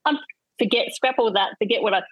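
A woman's voice: a little high, fast talker, no echo, lo-fi sound. A woman from South Australia with an Australian accent, chatting casually as a guest, rambling and restarting her thoughts as she laughs easily. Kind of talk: casual chat.

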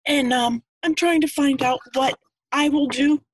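On a dry, low-quality video-call recording, a woman in her fifties from Pennsylvania earnestly and tearfully shares her personal story in halting speech. Her voice is high, with fairly even intonation.

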